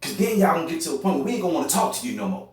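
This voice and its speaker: A young man with an African American Vernacular English accent delivers a heated, preachy monologue. He repeats his phrases and swings between loud outbursts and quiet, low stretches. His voice rings through a very echoey room, picked up from far off. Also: big pitch swings, racing. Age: young adult. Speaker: podcast host. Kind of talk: impassioned monologue.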